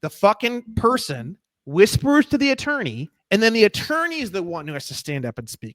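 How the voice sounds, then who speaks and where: Animated, profane man ranting. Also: high-pitched, a little fast, hardly any pauses, dry recording. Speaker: guest. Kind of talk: casual podcast interview.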